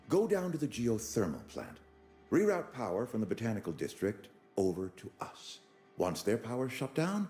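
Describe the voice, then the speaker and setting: A fussy, self-important colony administrator in a video game, drawing out his formal phrases with wildly swooping pitch. His tone is dark and mellow, with faint game music under him. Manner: florid, overly formal and pompous. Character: pompous, fussy male colony administrator, middle-aged. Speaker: outpost administrator.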